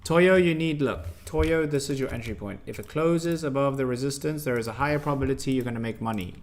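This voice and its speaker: Young guy running a trading livestream, blunt and pushy, keeps firing questions at chat, mid-pitch voice. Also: fairly quick. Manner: blunt, emphatic, quizzes and scolds viewers. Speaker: stock trading livestream host. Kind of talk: live trading stream, teaching chat viewers.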